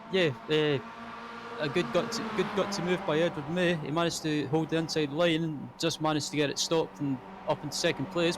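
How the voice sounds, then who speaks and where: Casual halting male co-commentator. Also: fairly high pitch, background noise. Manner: casual, halting, many fillers. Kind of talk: sim racing color commentary.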